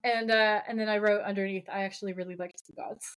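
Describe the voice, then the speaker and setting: A woman's voice: medium pitch, steady tone, quick pace, clear, resonant tone. A woman co-hosting a podcast, chatting casually and gushing as she retells a TV episode. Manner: gushing, retells scenes with acted quotes. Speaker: podcast co-host. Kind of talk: casual chat recapping a TV episode.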